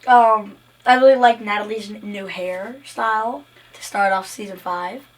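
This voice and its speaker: A woman's voice: mid-range voice, steady tone, unhurried, recorded from a distance. A young woman co-hosting a podcast, chatting casually and playfully with frequent giggles. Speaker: podcast co-host. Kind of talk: casual chat.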